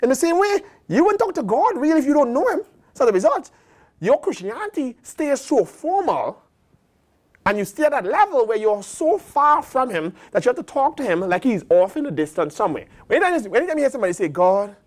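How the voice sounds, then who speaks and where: A man preaching a sermon in a colloquial, animated way, acting out bits of dialogue. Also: extremely high pitch, a little fast. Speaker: pastor.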